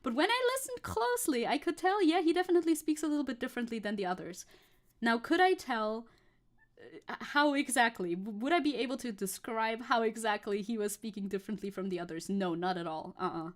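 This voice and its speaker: A woman's voice: on the high side, expressive, a little fast. A young woman streamer chatting casually and rambling while she paints, swearing now and then. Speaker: VTuber streamer.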